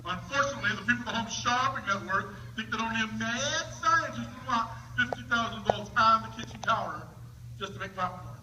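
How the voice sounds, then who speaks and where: A man from the northern United States presents a comedic science show to schoolchildren in a school auditorium with a live audience, playful and teasing like a showman. His voice is very high-pitched, lively and fairly quick. It's recorded from a distance in an echoey hall with a noisy background.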